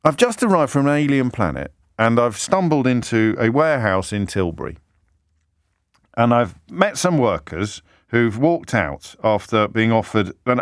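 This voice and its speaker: A man hosting a talk radio phone-in, speaking in an animated, indignant way and firing off rhetorical questions. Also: mid-range voice, dry recording, studio quality. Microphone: studio microphone.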